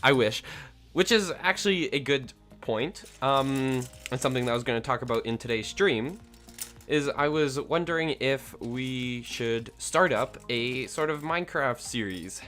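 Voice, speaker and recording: Brief: casual male streamer, mid-pitched, rambly and filler-heavy, faint music under him. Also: animated, unhurried, fairly bright tone. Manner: rambling, many fillers and self-corrections. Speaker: livestream host. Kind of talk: casual livestream chat. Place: home hobby room, somewhat echoey.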